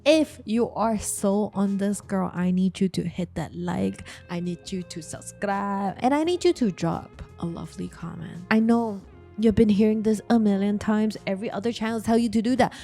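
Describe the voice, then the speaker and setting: Young woman, vlog host, slangy and chatty, warm mellow tone, faint music bed. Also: medium pitch, normal speed, vocal fry. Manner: chatty and slangy, addressing viewers directly. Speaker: vlogger. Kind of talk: casual commentary vlog.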